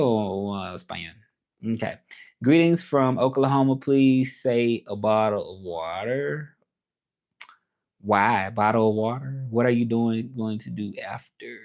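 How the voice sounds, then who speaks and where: A man's voice: medium pitch, darkish tone. A man from Tennessee with a Southern accent, chatting casually on his livestream and answering viewer comments aloud. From Tennessee, USA. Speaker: livestream host and interpreter.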